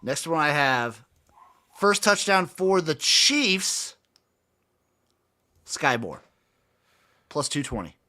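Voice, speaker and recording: An excitable man co-hosts a sports betting chat and swears freely. His pitch swings widely as he talks. His tone is bright and forward. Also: slow pace, long pauses. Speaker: co-host. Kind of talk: casual sports betting banter.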